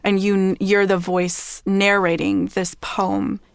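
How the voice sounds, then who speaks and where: A woman asking interview questions in a measured, plain way. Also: medium pitch, fairly even intonation, clear, resonant tone, no room sound.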